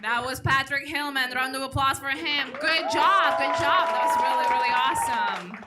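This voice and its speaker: A woman's voice: high-pitched, over loud music. A woman hosting a comedy show, reading out donations and teasing the crowd. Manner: unhurried, reads donation messages aloud, teasing. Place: comedy club stage.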